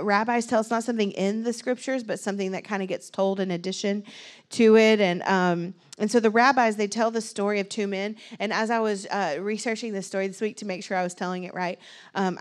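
A woman pastor delivers a sermon in an easygoing, conversational way. She pauses often with fillers and restarts, and her pitch sits in the middle of the usual range for women.

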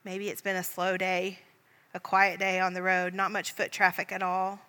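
A woman leading a guided Christian prayer meditation in a gentle, calm voice, speaking directly to the listener as "you". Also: on the low side, moderate pace, big-room sound. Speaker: prayer leader.

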